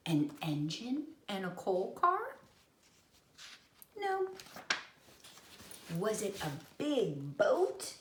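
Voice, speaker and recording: A woman reads a children's picture book aloud at a very slow, deliberate pace, her pitch rising and falling in a lively sing-song. She voices the story's noises herself in a playful way, and the room around her rings with echo. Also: a little hiss or hum. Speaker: storybook reader and teacher. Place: at home. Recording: echoey room.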